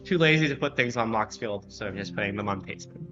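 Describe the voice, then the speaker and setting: A man's voice: on the low side, lively intonation, quick pace, dull audio, music in the background. A man streaming a card game, chatting casually, rambling and correcting himself with dry sarcasm. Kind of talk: casual gameplay chat.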